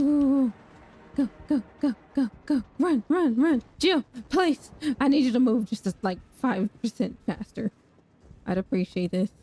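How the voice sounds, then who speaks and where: A woman's voice: fairly high pitch, a little mellow. A young woman streaming a horror game, talking to chat, laughing and shrieking at danger. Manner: talks to chat, self-mocking. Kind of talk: live gameplay commentary.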